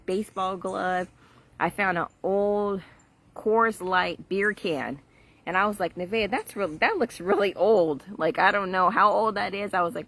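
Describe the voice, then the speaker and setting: Chatty middle-aged woman gardener streaming outdoors on a phone, slightly low voice, faint outdoor hiss. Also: fairly bright tone. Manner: chatty and rambling, laughs often. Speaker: vlogger on a garden livestream. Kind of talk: casual livestream chat. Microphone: phone livestream.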